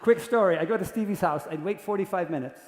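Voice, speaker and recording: Animated man telling stories in an echoey hall. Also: sits high, fast, noisy background. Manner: animated, jokey, acts out voices. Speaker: keynote speaker. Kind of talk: storytelling talk to an audience. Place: large conference hall. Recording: echoey hall with long reverb.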